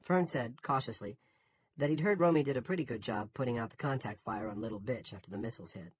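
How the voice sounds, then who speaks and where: A man reading an audiobook in scripted narration, measured and even. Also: medium pitch, highs cut off, a little hiss or hum.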